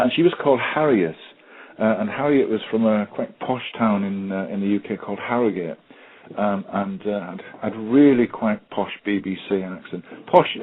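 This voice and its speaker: A man's voice: on the low side, slight background noise. A man giving a webinar as a special needs technology trainer, hesitant with lots of ums and stories. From United Kingdom. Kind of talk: webinar presentation. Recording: tinny phone-like line.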